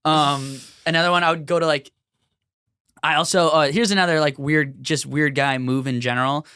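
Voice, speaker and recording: A man from Minnesota hosting a podcast in casual chat, talking in an animated, loose, slangy way and swearing often. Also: a little high, moderate pace, smooth, no echo, studio quality. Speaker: podcast host.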